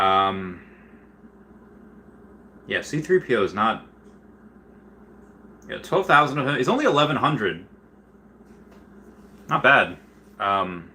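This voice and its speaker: A man chats through a casual stream from a small room at home, his voice bright and forward. He rambles with plenty of fillers and restarts, then flares up loudly when something bothers him. A faint background noise sits under the talk. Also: lowish voice. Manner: excitable, rambling with many fillers, gets loud when upset. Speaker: host. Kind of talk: casual livestream chat.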